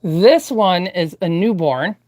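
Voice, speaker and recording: Slow, low-voiced chatty woman. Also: expressive, a little mellow, dry recording. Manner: rambling, chatty, full of fillers and restarts. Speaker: reborn doll artist streaming live. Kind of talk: casual live painting tutorial. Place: home craft room.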